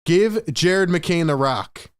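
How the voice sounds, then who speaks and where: A young man hosting a fan live stream, calling the game play by play with excitable, frustrated energy and talking to his chat. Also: on the high side, takes it slowly. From Philadelphia area.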